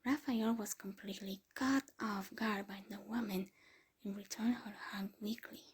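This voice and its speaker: A woman narrates a story in a very breathy, airy whisper. Her reading is unhurried and soft, in the manner of whispered role-play. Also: medium pitch, steady tone.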